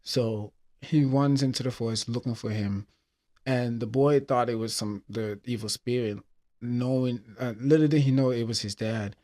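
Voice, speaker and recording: A man's voice: mid-range voice, normal speed, dark tone. A man hosting a personal podcast, retelling a film with emotion and many fillers. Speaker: podcast host. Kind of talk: casual personal talk.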